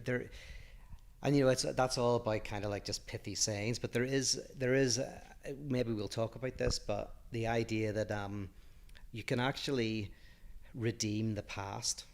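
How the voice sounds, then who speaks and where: A man co-hosting a podcast, talking in a thoughtful, reflective way that pauses and restarts as he works through ideas. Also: medium pitch. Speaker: podcast co-host. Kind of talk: casual podcast chat.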